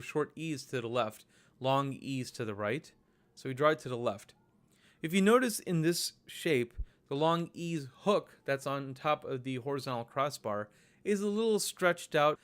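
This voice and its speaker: A man narrating a recorded lesson over slides, explaining each step slowly and patiently. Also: medium pitch. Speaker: language teacher.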